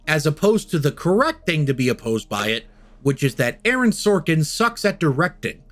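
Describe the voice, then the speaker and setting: A man's voice: fairly high pitch, soft background music. Opinionated man in a casual film chat. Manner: opinionated, quick and animated, swearing. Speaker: podcast co-host.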